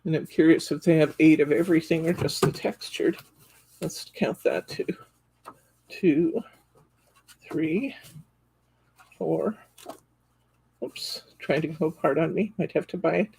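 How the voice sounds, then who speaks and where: A woman's voice: deep voice, unhurried, gravelly, long pauses, darkish tone, breathy edge. A woman hosting a live craft store show-and-tell, enthusiastically describing card stock packs and counting sheets aloud as she flips through them. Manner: enthusiastic, gushing over products.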